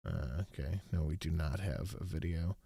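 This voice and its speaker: A man's voice: extremely low pitch, moderate pace, gravelly, warm tone, slightly rough, dry recording, clean studio sound. A man co-hosting a casual reaction chat, laid-back with wry comments. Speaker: co-host.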